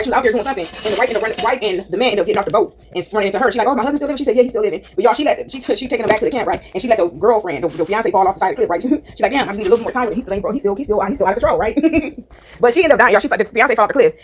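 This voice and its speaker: Fast-talking woman recapping a movie. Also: medium pitch, a little hiss or hum. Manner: animated storytelling, laughs often, addresses listeners as y'all.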